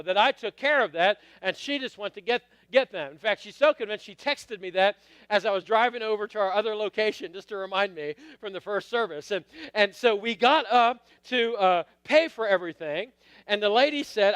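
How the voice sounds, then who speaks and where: A man's voice: sits high, a bit bright, smooth, no echo. A middle-aged man preaching a sermon, telling a story with acted quotes and calling out to the congregation. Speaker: pastor.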